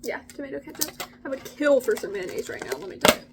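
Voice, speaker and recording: A young woman vlogging about food in a casual, gushing, excitable way, with drawn-out exclamations. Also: high-pitched, very noisy.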